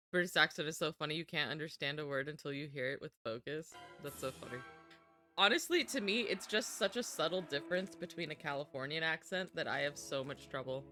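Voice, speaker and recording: A woman's voice: deep voice, fairly quick, sharp tone. A woman streamer chatting casually while reacting to a film. She is self-deprecating and often trails off and restarts. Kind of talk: casual live-stream commentary. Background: film music.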